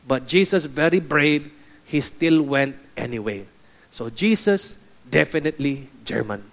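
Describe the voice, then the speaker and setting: A man putting on a blunt, serious male pastor who speaks in flat, matter-of-fact broken English. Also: a little high, a little slow, gravelly, exaggerated voice.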